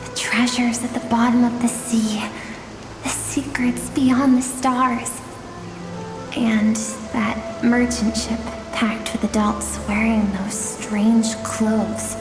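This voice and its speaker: A woman voicing a gentle female storyteller who recounts memories in slow, measured, wistful narration for a game cutscene. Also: fairly high pitch, flat delivery. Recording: echoey hall sound over game music. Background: music.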